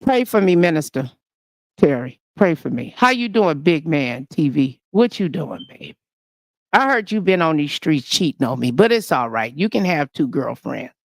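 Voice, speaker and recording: A woman's voice: low voice, very animated, normal speed, no room sound, clean studio sound. A woman hosting a casual livestream, talking in a brash, profane, gossipy rant. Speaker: livestream host.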